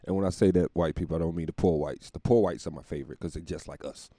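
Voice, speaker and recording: A man's voice: low voice, quick pace, mellow, dry recording, clean studio sound. A young man hosting a podcast from home, telling stories in a loose, profane, laughing way. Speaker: podcast host. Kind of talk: casual comedic storytelling monologue.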